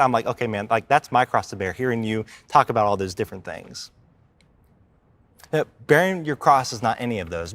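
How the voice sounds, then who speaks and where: A man preaching a sermon as a church minister, talking casually and slowing down to stress key points. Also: mid-range voice, no echo. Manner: conversational preaching, acts out quoted complainers, slows for emphasis. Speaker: life group minister preaching.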